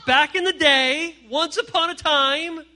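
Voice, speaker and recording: High, bright-voiced joking preacher man. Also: measured pace. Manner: animated, joking, acts out quoted voices. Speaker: youth pastor. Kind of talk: energetic comic sermon to a youth group. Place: stage before a live audience.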